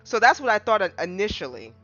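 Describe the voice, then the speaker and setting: A gaming streamer casually recapping a game, excitable, with dramatic restarts and big jumps in pitch. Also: quick pace. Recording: slightly dull lo-fi mic with faint music.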